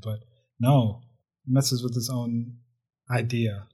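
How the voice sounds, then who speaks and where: A man's voice: mid-range voice, fairly even intonation, normal speed, darkish tone. A man co-hosting a casual movie review chat, telling the plot in a joking, wry way. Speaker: podcast co-host.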